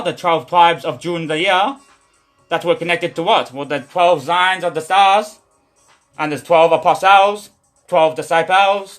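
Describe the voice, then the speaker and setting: Man, rambling preachy stream monologue, swearing often, repetitive, fairly high voice. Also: fairly bright tone.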